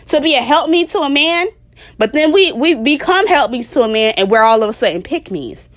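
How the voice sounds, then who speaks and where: A woman with a slightly high voice holding forth in an opinion monologue. She speaks with a passionate, emphatic, lecturing edge and drops quick laughs into her asides. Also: animated. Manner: preachy, lecturing. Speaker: vlogger.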